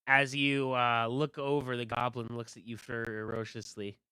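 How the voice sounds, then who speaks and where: A game master narrates a tabletop session in a relaxed, explanatory manner. The voice sounds bright and crisp, recorded dry with no room sound. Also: mid-range voice, normal speed, no room sound.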